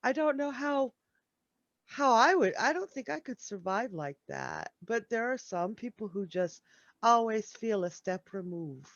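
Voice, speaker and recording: A woman's voice: on the high side, expressive, a little slow, no room sound, lo-fi sound. A woman, chatting casually as a co-host in a laid-back way. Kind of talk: casual chat.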